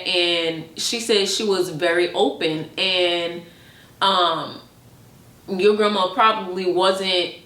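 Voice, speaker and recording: A woman co-hosting a podcast in casual chat, talking fast with many filler words. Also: fairly low pitch, reverberant. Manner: chatty, many "like" fillers, animated quoted asides. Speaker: podcast co-host.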